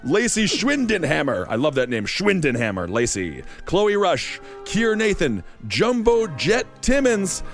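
A man's voice: sits high, huge pitch swings, unhurried, hardly any pauses, faint music behind. A man with a Midwestern accent hosting a podcast, reading supporter names with playful banter. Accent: Midwestern American. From Wisconsin. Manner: playful, jokey. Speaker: podcast host.

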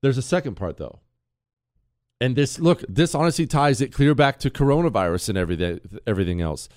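A male talk show host giving opinionated commentary in an animated, sarcastic way, bantering with his producer. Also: medium pitch, brisk, no echo, studio quality.

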